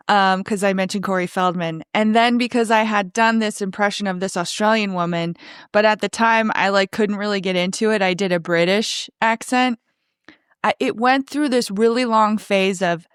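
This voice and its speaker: A woman with a smooth, clear voice co-hosts a casual podcast chat. She tells stories in a chatty, wry manner. The sound is dry and close. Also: medium pitch, no room sound. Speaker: podcast co-host.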